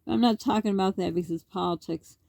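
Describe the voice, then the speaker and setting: A middle-aged Canadian woman vlogs straight to camera in a rambling, worked-up monologue packed with rhetorical questions. Her mid-range voice moves fast, with vocal fry and a darkish tone, and the recording is dry.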